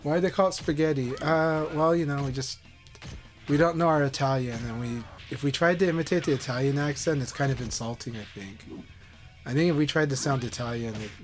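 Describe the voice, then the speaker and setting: A man's voice: medium pitch, a little fast, faint music behind. A man live-streaming a fighting game, chatting casually and encouragingly with viewers.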